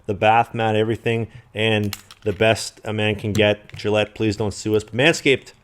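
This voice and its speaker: A man's voice: on the low side, little pitch movement, normal speed, fairly bright tone, clean tone. A young man co-hosting a podcast who jokes around and reads the sponsor plug in a hyped-up way. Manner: joking, hypes the sponsor. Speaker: podcast co-host. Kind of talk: casual chat with ad read.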